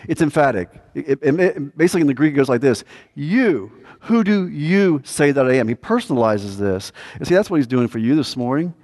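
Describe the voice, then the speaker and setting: A male pastor preaching a sermon, emphatic and repetitive, swinging from loud declarations to a hushed, earnest plea. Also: on the high side, expressive, brisk.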